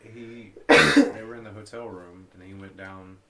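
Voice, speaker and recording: A man's voice: fairly low pitch, animated, unhurried, vocal fry, a crowd in the background. A man from Alabama co-hosting a podcast, telling stories in a laid-back way and swearing freely. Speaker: podcast co-host. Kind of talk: casual storytelling.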